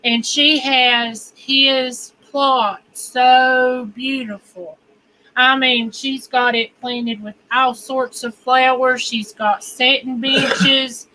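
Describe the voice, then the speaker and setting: A woman's voice: high-pitched, fairly even intonation, extremely slow, sharp tone, slight background noise, rough recording. A woman, co-hosting a casual homestead chat and laughing often. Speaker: co-host of a homestead channel.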